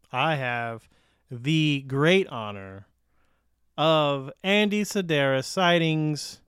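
A man's voice: on the high side, extremely slow, a bit bright, clear, resonant tone, no room sound, clean studio sound. A man co-hosting a podcast in casual chat, playful and laughing easily. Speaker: podcast co-host.

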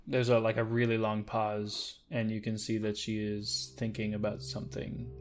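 A man's voice: on the low side, monotone, normal speed, hardly any pauses, music in the background. A man narrating as game master in a tabletop game, with plain, descriptive narration.

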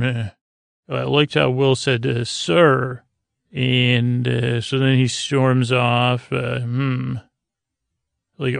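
Gravelly, flat-voiced man rambling a recap. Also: mid-range voice, dry recording. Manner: meandering, halting, many fillers and restarts. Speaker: podcast host. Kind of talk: rambling sleep-podcast episode recap.

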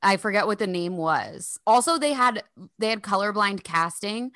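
A woman chatting casually on a podcast, telling animated stories and swearing freely. Her voice sits in the middle range, recorded dry and close. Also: medium pitch, normal speed, dry recording. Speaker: podcast guest.

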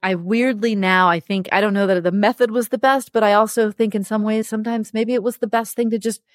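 A woman's voice: medium pitch, fairly even intonation, fairly quick, no echo, studio quality. A woman speaking as an interview guest, telling a personal story in a frank, emotional way and laughing through hard memories. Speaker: interview guest, television producer. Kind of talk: candid conversational storytelling.

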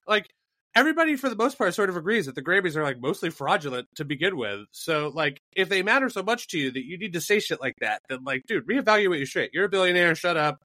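A man's voice: high-pitched, very animated, quick pace, pushed and bright, no echo. A man co-hosting a podcast, delivering a heated, profane rant in casual chat. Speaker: podcast co-host.

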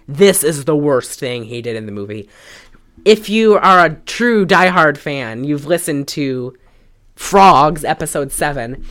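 A woman casually recapping a film's plot on a podcast, telling it in an animated way with lots of "like.". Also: deep voice. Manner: animated storytelling, frequent "like". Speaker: podcast co-host. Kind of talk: casual film recap chat.

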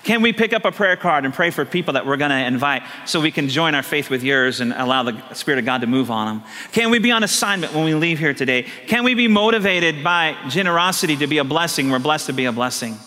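A middle-aged man preaching a sermon as pastor, telling lively stories with animated acted quotes. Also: fairly high pitch, fast talker, hardly any pauses. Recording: long hall reverb.

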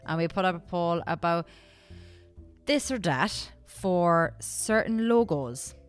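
An Irish woman co-hosting a casual podcast chat, bubbly and teasing, quick to laugh. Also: fairly low pitch, animated, soft background music. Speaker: podcast co-host.

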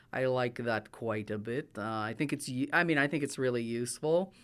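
A man working as an actor and dialect coach answers interview questions, explaining each point with real enthusiasm. His voice is smooth and resonant, and its pitch sits in an ordinary middle range. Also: fairly even intonation, brisk, hardly any pauses. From United States. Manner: explanatory, enthusiastic about accents.

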